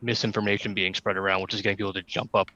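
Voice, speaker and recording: A man in a casual discussion, making brisk emphatic points over muffled audio. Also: lowish voice, little pitch movement, crowd noise.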